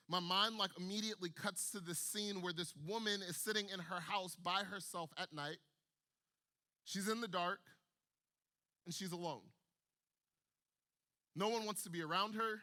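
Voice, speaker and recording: Bright-voiced young male preacher. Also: sits high. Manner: emphatic, repetitive, building intensity. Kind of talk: sermon to students.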